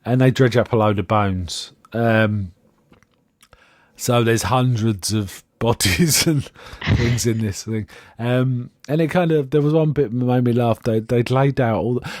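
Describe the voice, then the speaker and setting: Guy rambling through an episode recap, amused, keeps trailing off, mid pitch, dry sound. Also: measured pace, darkish tone, dry recording. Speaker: podcast co-host. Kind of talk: casual chat recapping a TV episode.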